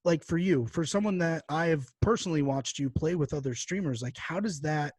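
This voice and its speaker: A man hosting a casual podcast, asking his guest relaxed, easygoing questions. His voice sits a little high and sounds dry and close to the mic. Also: brisk, husky, no room sound. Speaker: podcast host.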